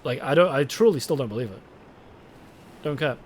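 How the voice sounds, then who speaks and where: A man's voice: medium pitch, expressive, a little fast, slight background noise. A young British man streaming a game, chatting casually with his chat, swearing and rambling. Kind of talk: casual live-stream chat while gaming.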